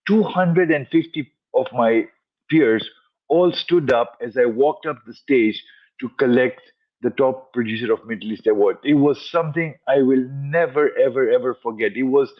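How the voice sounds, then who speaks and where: A man's voice: medium pitch, moderate pace. Middle-aged male guest, medium voice, earnest and driven storyteller, slightly muffled recording. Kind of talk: telling his life story in an interview.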